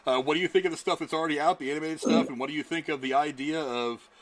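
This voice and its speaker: A man's voice: fairly high pitch, fairly even intonation, racing, a bit bright. A man hosting a casual podcast, upbeat and talkative, laughing often as he steers the topics. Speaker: host.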